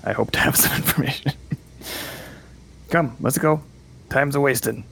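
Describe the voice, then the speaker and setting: A man playing a genteel, gravelly gentleman. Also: medium pitch, normal speed, slight background noise, voice pushed up. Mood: polite.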